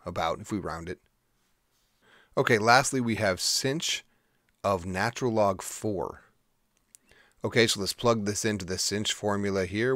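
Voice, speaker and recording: A man's voice: sits low, fairly bright tone, no room sound, clean studio sound. A man teaching a recorded math lesson, explaining in a casual, conversational way.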